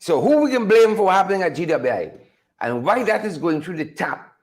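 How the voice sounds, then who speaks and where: A man's voice: high-pitched, big pitch swings, fairly quick, a little mellow. A man with a Guyanese accent hosting a political commentary show, talking emphatically and asking rhetorical questions. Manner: reads out viewer names. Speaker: host.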